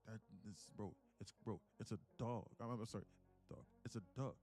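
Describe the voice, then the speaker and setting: A man's voice: lowish voice, moderate pace, a little mellow, soft background music. A man hosting a casual live trading stream, rambling and acting out mock dialogues.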